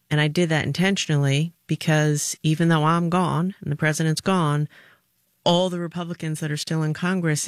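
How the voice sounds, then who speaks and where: A middle-aged woman answering interview questions in an emphatic, direct way, telling stories with lively energy. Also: low voice, no echo, clean studio sound. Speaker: former government official, guest.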